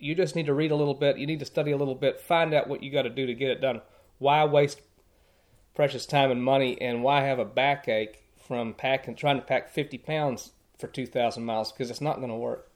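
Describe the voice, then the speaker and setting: A man of ordinary pitch tells trail stories as a podcast guest. He is earnest and plainspoken, and he often repeats a word before finding his thought. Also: fairly even intonation, a little fast. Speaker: podcast guest, thru-hiker. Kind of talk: casual storytelling.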